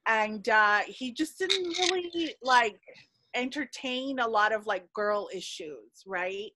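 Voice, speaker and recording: A woman on a video call speaking earnestly and a little haltingly. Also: on the high side, expressive, bright, forceful tone, no echo. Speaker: forum guest. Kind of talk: casual video call chat.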